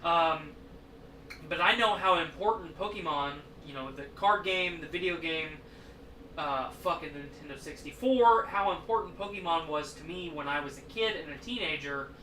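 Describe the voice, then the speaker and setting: A man's voice: a little high, moderate pace, pushed and bright, a little hiss or hum. A man hosting a podcast in casual chat, a rambling storyteller who swears a lot. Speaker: podcast host. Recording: echoey room, distant mic.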